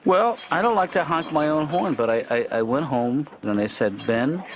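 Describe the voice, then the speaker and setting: A man voicing a mild, hesitant middle-aged therapist in a cartoon, halting and repeating his words. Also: fairly high pitch, expressive, lightly acted. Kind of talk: improvised cartoon dialogue. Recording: dull lo-fi soundtrack.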